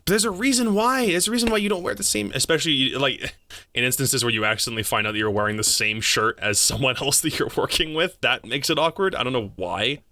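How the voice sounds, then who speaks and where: A man hosting a podcast, chatting casually, quick and joking, teasing his co-hosts. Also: mid-range voice, bright, forceful tone, no room sound. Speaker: podcast host. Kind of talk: casual chat.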